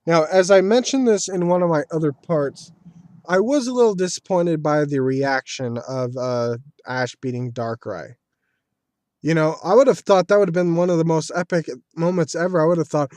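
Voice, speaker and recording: A man's voice: fairly high pitch, normal speed, darkish tone, no echo. A man giving casual solo commentary as a video creator, talking in a chatty, rambling way like a fan. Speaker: video creator reviewing an anime series.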